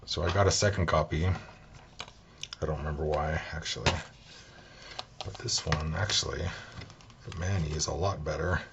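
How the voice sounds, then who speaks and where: Male collector, rumbling gravelly low voice, laid-back rambling chat, noisy home recording. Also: normal speed, pauses often, lo-fi sound. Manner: meandering, relaxed, thinking aloud. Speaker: game collector. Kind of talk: soft-spoken collection chat.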